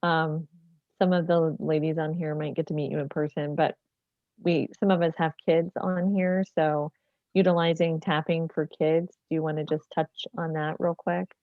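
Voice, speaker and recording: A woman's voice: low voice, level tone, moderate pace, no room sound. A woman on a video call asking the instructor a question, a little hesitant. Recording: tinny phone-like line.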